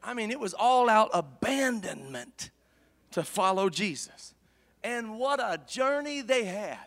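A very high-pitched man preaches an impassioned sermon. He moves from quiet, hushed storytelling to full-throated shouts. His bright, forceful voice rings out with the long reverb of a large hall. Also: expressive, measured pace.

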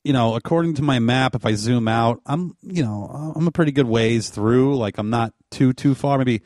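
Man, casual storyteller, rambling with fillers, dead dry close sound, middle pitch. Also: moderate pace, darkish tone, dry recording. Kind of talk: casual chat.

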